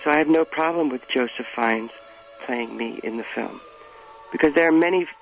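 A man doing an earnest, gravelly pop star. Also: medium pitch, normal speed, faint music behind, close to an everyday voice, low-quality recording. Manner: earnest, rambling, slips into film-quote impressions. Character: late adult male pop star, earnest and self-important. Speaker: radio comedy bit performer. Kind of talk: morning radio comedy sketch.

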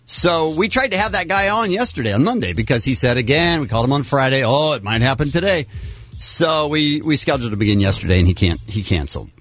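Animated male radio co-host. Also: medium pitch, fast, dry recording. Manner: reads listener emails with an animated, joking tone. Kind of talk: morning radio talk.

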